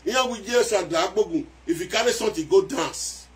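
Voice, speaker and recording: A man with a Nigerian accent giving excitable casual commentary on a song, repeating phrases as he goes. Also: high-pitched, fast, distant mic. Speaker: music commentator.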